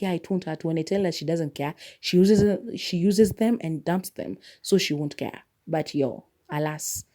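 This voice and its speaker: Low-voiced woman chatting about a film. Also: warm tone. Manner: chatty retelling with quoted voices and filler words. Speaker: podcast host. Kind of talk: casual movie review.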